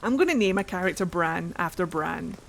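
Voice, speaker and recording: A woman's voice: fairly low pitch, animated, brisk, vocal fry, a little hiss or hum. Chatty Geordie woman streaming games. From Newcastle, England. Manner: chatty, swears freely, answers chat aloud. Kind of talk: casual gameplay chat.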